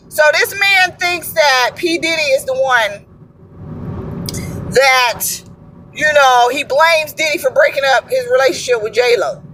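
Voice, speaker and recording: A woman's voice: sits high, fairly bright tone, slight background noise, low-quality recording. A woman vlogging casual commentary from a moving car, slangy and chatty, stumbling over words when she reads aloud. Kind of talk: casual commentary while driving.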